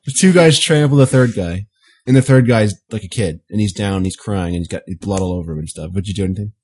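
A man's voice: lowish voice, fast talker, darkish tone, breathy edge. A man co-hosting a casual podcast chat, laying out long what-if scenarios and laughing often. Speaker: podcast co-host.

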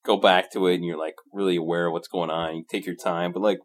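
A man's voice: low voice, flat delivery, fast. A man in casual podcast chat about games, laid-back and easily enthused. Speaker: podcast co-host.

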